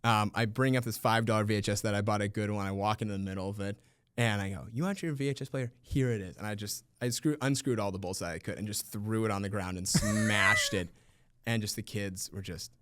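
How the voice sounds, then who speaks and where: Animated storytelling man. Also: lowish voice, fairly quick, smooth, no room sound, studio quality. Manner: animated, laughs often, acts out quoted voices. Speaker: teacher. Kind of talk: interview storytelling.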